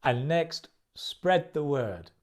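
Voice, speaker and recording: A man teaching English idioms in a recorded video lesson, speaking slowly and clearly and repeating phrases for practice. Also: a little high, lively intonation.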